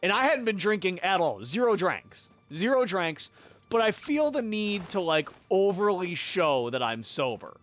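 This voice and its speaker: A young man streaming a game while telling a profane, animated story and acting out the people in it. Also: high-pitched, unhurried, faint music behind. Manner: profane, animated, acts out quotes. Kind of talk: casual storytelling while gaming.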